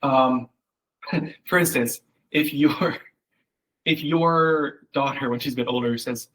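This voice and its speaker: A male copywriting coach goes slowly through a casual one-on-one copy critique, his medium-pitched voice fairly bright. He's loose and talkative, uses many fillers, and acts out quoted voices in his examples, all on a rough recording.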